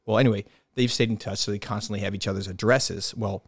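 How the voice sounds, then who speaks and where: A man hosting a casual interview, telling a prank story in a relaxed, joking way with some swearing. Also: on the low side, fast talker, no echo. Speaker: podcast host. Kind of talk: casual chat.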